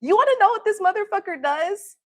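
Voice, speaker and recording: A woman's voice: extremely high pitch, expressive, fairly quick, fairly bright tone, no room sound. A woman hosting a livestream, telling stories in a blunt, profane, casual way and often laughing. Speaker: tarot reader and livestream host.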